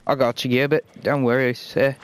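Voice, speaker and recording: A man's voice: medium pitch, flat delivery, normal speed, a little hiss or hum. A man chatting brashly with random teammates while gaming, swearing constantly and putting on an exaggerated British accent. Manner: exaggerated put-on British accent, calling people mate and wanker. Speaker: gamer playing with random teammates. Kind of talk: profane gaming banter over voice chat.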